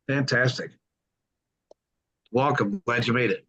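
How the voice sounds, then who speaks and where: Hosting a podcast on a group video call, a middle-aged man speaks at normal speed in a mid-range, fairly bright voice. He's enthusiastic and folksy, welcoming each newcomer repeatedly, and his computer mic gives dull lo-fi call audio.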